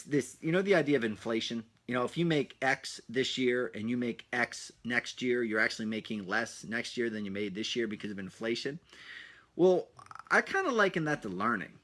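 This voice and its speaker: Excitable, bright-voiced male podcast host. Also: fairly high pitch. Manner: excitable, rambling, punchy asides. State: slightly out of breath. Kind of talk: energetic solo podcast monologue.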